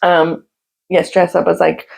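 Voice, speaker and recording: Gravelly woman, laughing loudly. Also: level tone, a little slow. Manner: bursts into loud high laughter. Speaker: podcast co-host. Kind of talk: casual chat.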